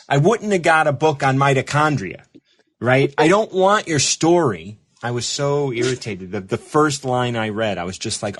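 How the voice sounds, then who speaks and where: A man hosting a show, telling a rambling, self-mocking story in casual chat, animated, with laughs and restarts. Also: mid-range voice, measured pace. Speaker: show host.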